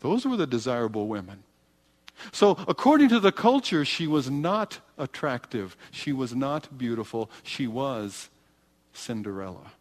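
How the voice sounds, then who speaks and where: A man preaching a sermon as a pastor, speaking with animated emphasis and frequent restarts. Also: mid-range voice, measured pace, big-room sound.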